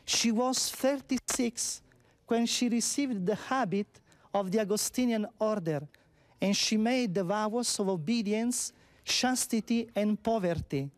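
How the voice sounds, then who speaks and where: Slow, halting woman tour guide. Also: mid-range voice. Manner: halting, adds questioning "huh?" tags. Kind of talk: on-site guided explanation.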